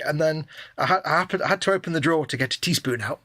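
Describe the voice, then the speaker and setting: A man's voice: fairly high pitch, very fast, a bit bright. A man co-hosting a casual live stream, joking around and rambling through a story about his hobby work. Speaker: co-host.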